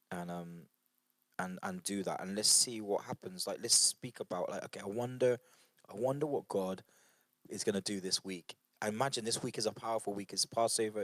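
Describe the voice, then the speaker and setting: An earnest man with a lowish voice leads a church study group. He talks in a loose, conversational way, repeating himself and using fillers. The sound is dry and close. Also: fairly bright tone, no room sound. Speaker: church leader guiding a book study group. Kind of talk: informal devotional talk to an online group.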